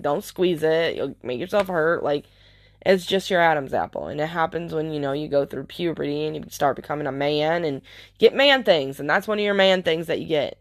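A woman's voice: on the low side, gravelly, fairly bright tone, dry recording, studio quality. A young woman vlogging casually about parenting her stepson, chatty, laughing often and saying "like" a lot. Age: young adult. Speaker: vlogger and stepmom. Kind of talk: casual storytelling vlog.

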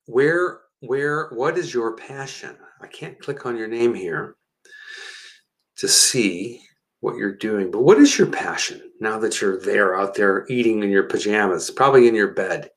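A man's voice: on the low side, a little slow, rough recording. Male stream host, loose and rambling, addresses the audience directly. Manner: rambling, chatty, talks to viewers by name. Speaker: live-stream host and seminar leader. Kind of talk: casual live-stream chat.

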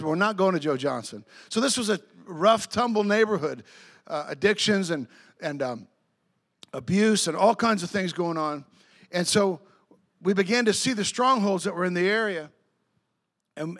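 High-voiced excitable storytelling pastor. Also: male voice. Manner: storytelling with acted-out quotes and laughter; excitable, many quick restarts. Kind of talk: sermon.

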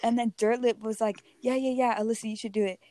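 A teenage girl telling a story in casual chat, animated and often laughing as she quotes others. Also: fairly high pitch, fast, no echo. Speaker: podcast co-host.

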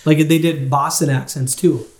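A man's voice: fairly high pitch, steady tone, moderate pace. A man with a Midwestern accent, chatting casually as a podcast co-host and laughing often. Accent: American Midwest. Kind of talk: casual chat.

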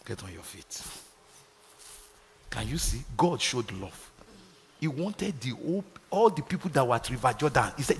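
A man's voice: medium pitch, big pitch swings, moderate pace, pauses often, in a large hall. A Nigerian man preaching a sermon, calling out to his congregation for responses. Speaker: pastor. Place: large church hall.

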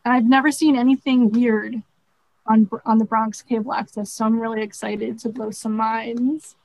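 A woman's voice: on the high side, fairly even intonation, moderate pace, a little mellow, no room sound, rough recording. A woman, a podcast guest, chatting frankly and laughing, with casual swearing.

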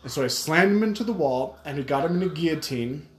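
A man's voice: fairly high pitch, lively intonation, quick pace, a little hiss or hum. A man co-hosting a podcast, telling a crude story in casual chat and joking as he goes. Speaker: podcast co-host. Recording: echoey room.

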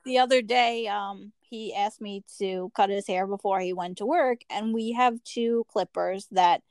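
A woman's voice: medium pitch, measured pace, clean tone, no room sound. A woman hairstylist in casual chat, telling rambling stories and acting out what people said. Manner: rambling storyteller, acts out quotes.

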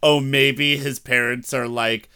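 Bright-voiced man musing about a film. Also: mid-range voice, fairly even intonation, takes it slowly, clean tone. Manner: musing, thinking aloud. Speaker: podcast co-host. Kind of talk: casual movie discussion.

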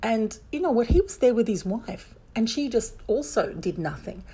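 A woman's voice: on the high side, lively intonation, moderate pace, hardly any pauses, dark tone, breathy edge. A woman telling a personal story in a candid, emphatic way, circling back and restarting her sentences as she goes.

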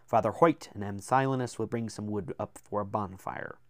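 Man voicing a barking firm soldier, low voice, dry close sound. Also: normal speed, no echo, close to an everyday voice. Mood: commanding. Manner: barking, authoritative. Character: commanding male soldier, curt and firm.

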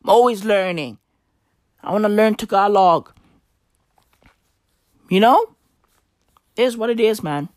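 A man's voice: high-pitched, a little slow, long pauses, no room sound, studio quality. A man ranting casually to camera, rambling and swearing a lot, constantly asking his listener "right?" and repeating himself. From South Africa. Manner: profane, rambling, keeps asking "right?" and "you know?"; drifting, repetitive, offhand.

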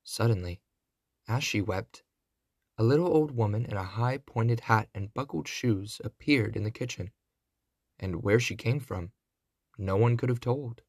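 A man reading a classic fairy tale aloud, in a deliberate storybook narration. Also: lowish voice, dry recording, studio quality.

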